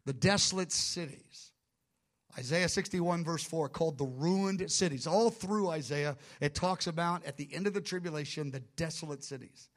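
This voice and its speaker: Energetic, conversational male preacher. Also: a little high, normal speed. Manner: energetic, conversational teaching with sudden emphatic bursts. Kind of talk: sermon.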